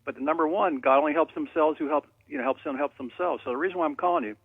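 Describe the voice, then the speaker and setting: A man's voice: a little high, quick pace, slightly rough, no echo. A man calling in to a radio show, telling rambling, jokey stories over a phone line. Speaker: caller.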